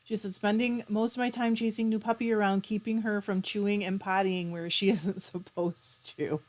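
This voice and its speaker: A woman chats her way through a live stream at a middling pitch. She reads viewers' comments aloud and answers each one in a friendly, easygoing way. Now and then she stops to clear her throat. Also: steady tone, moderate pace. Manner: chatty, reads out comments and answers them warmly. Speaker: livestream host.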